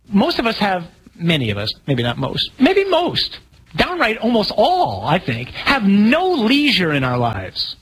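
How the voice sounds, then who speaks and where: A man's voice: high-pitched, wildly swooping pitch, a little slow, fairly bright tone, a little hiss or hum, poor audio. Conversational male priest giving a talk. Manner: conversational, wry, asks the listeners questions. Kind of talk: casual sermon talk.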